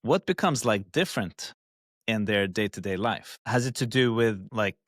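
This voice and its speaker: A man with a somewhat low voice asks an interview guest questions, recorded dry and close. He feels his way through each question and tries a few phrasings before settling on one. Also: animated, normal speed, fairly bright tone, no room sound. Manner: searching for words as he asks. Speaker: podcast host.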